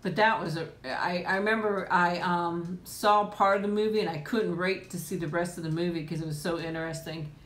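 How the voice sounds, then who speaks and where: A woman's voice: steady tone, a little fast, few pauses. Chatty middle-aged woman in a roomy space. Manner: chatty, reads viewer comments aloud, jumps high and bright when greeting viewers. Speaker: host of a live eating stream. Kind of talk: casual live-stream chat. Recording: roomy echo.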